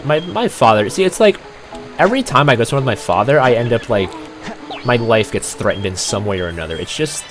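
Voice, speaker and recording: A young Canadian man hosting a let's play, telling rambling stories in casual, laid-back commentary. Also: medium pitch.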